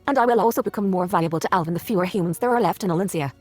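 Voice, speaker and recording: A woman's voice: fairly low pitch, very fast, darkish tone, faint music behind. Woman reading story text aloud. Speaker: narrator reading the game text.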